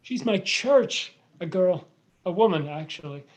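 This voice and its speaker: A woman's voice: lowish voice, expressive, unhurried, darkish tone. A woman reading the role of a lovesick young American man, earnest and prone to dramatic outbursts, over a video call. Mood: dreamy.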